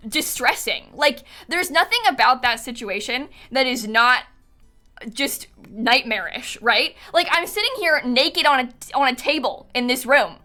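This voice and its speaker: A woman's voice: high-pitched, pushed and bright. A young woman streaming live, talking casually and rambling with many fillers and nervous laughs, shaken and close to tears. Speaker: game streamer. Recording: faint music behind.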